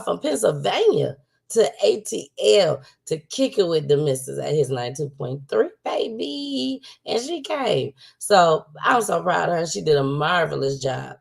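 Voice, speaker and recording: A woman's voice: on the low side, vocal fry. Outspoken woman hosting a livestream. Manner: outspoken, emphatic, repeats herself for emphasis. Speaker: livestream talk show host. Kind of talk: casual commentary livestream.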